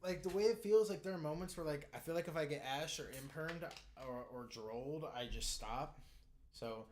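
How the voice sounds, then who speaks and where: A man's voice: a little high, normal speed. A man streaming from home, chatting casually in a loose, rambling way with many fillers and restarts and the odd swear word. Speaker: streamer and hobby card designer. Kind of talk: casual live-stream chat. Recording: roomy echo with faint background hum.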